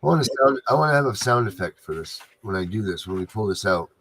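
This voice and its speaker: Low gravelly man hosting a chat. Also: expressive, fast, a bit bright. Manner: rambling, many fillers. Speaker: show host. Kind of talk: casual livestream chat.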